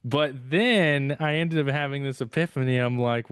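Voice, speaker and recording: A man's voice: mid-range voice, normal speed, a bit bright, clear, resonant tone, no echo, studio quality. A man co-hosting a podcast, chatting casually in a rambling, hesitant way with frequent laughs and filler words. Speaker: podcast co-host. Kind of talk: casual chat.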